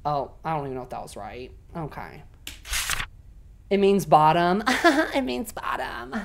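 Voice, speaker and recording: A young woman streaming a video game, swearing constantly and swinging between loud shrieks and quiet mumbling as she plays. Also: sits low, lively intonation, normal speed, slight background noise. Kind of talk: casual game commentary.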